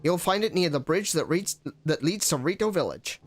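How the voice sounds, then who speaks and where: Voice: mid-range voice, expressive, moderate pace, faint music behind, voice pushed up, natural voice. A streamer voicing a cheery male bird newspaper reporter in a fan-voiced game playthrough, talking in an old-time American newsreader manner. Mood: brisk, upbeat.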